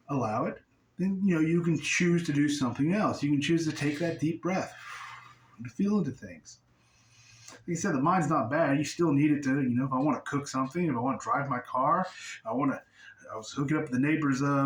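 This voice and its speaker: Man, spiritual teacher, profane and laughing, slightly high voice, echoey room, distant mic. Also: lively intonation, moderate pace. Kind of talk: casual spiritual talk. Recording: roomy sound from a distance.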